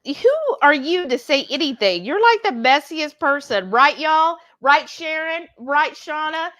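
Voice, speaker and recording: A woman with a bright, forceful voice pitched a little high chats excitedly through a cooking livestream. She talks with easy, teasing banter from a home kitchen. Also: a little slow. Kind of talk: casual livestream cooking chat.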